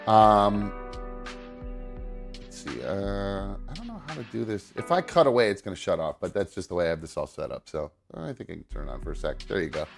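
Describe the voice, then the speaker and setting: A man's voice: deep voice, animated, a little fast, vocal fry, faint music behind. Rambling, sentimental man hosting a podcast. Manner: rambling, many fillers and restarts, talks to himself while fiddling with pictures; sentimental, gets choked up. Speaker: podcast host. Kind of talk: casual chat.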